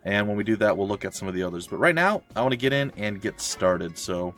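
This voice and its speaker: A man's voice: fairly low pitch, fast, a bit bright, soft background music. A man hosting a let's play, chatting casually over gameplay with rambling, joking asides.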